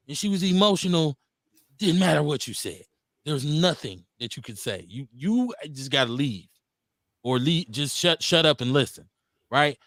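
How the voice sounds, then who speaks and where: A middle-aged man hosting a live talk radio show, telling stories and acting out quotes in a casual, animated way. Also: a little high, no room sound, studio quality. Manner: animated storytelling, acts out quotes.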